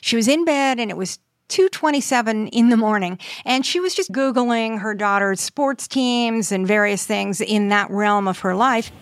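A woman's voice: a little high, moderate pace, few pauses, no echo. Woman co-hosting a news podcast, dry sound. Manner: explanatory, recapping events. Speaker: co-host.

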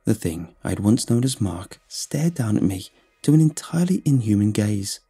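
A man narrating a scripted horror story in a steady, measured way. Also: fairly low pitch, husky.

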